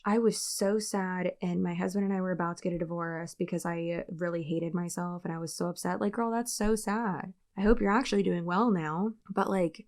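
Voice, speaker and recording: A woman's voice: mid-range voice, a little mellow. A woman talks through a reaction video with dry sarcasm and open exasperation. She mocks what she hears in a casual commentary voice.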